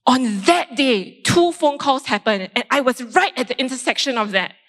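A woman, a doctor giving a faith testimony and telling her story in a lively way, acting out her own reactions. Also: high-pitched, moderate pace. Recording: long reverb in a large hall.

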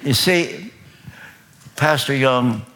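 A man with a Kentucky accent preaching a sermon as pastor, slow, deliberate and emphatic. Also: medium pitch, expressive, sharp tone, a little hiss or hum. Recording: long reverb of a large hall.

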